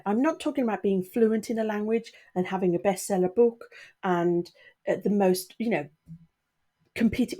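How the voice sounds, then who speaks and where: This YouTuber's voice is mid-range and mellow. A middle-aged woman, she vlogs candidly to camera, speaking earnestly to her viewers as she grows emotional and a bit sniffly.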